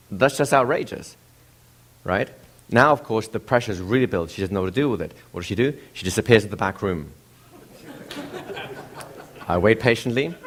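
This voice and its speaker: A man giving a lecture, telling a story with rhetorical questions to the audience in an animated way. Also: medium pitch, a little hiss or hum. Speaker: seminar presenter.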